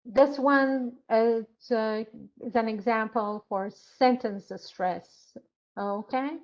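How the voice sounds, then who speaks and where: A woman instructor lectures in a slightly high voice, taking her time and pausing often to find her words. Her delivery is very slow and patient. The sound is muffled and lo-fi, like an online class. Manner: slow, explanatory, with frequent hesitations.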